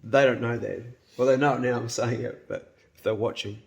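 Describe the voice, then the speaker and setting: A New man in his fifties talks casually to camera in his home kitchen. He is blunt, swears freely and laughs easily, at a middling pitch. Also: fairly even intonation, a little fast, vocal fry. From New Zealand. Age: 50s. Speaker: hunting and cooking vlogger.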